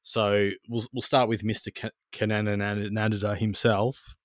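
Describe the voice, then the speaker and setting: A man's voice: fairly low pitch, flat delivery, a little slow, no echo, clean studio sound. A man hosting a casual podcast, joking crudely and swearing a lot. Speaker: podcast host.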